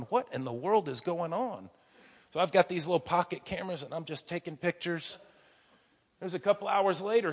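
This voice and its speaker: Husky-voiced pastor in a reverberant hall. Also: male voice, sits high. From United States. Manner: vivid storytelling, swinging from hushed to loud. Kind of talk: sermon.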